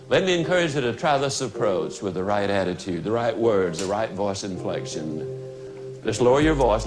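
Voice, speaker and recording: Slightly high-voiced male motivational speaker on stage, folksy and emphatic, plays down low for effect, with music underneath. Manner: folksy and emphatic, with sudden dramatic drops in voice. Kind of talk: motivational speech to a live audience of salespeople. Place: stage before a live audience. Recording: music playing behind the voice. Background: background music.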